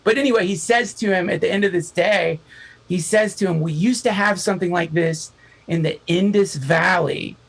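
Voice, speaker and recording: Gravelly man telling a wild story. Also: high-pitched, normal speed, poor audio. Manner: animated, profane, acts out quoted voices. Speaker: podcast guest. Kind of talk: casual storytelling chat.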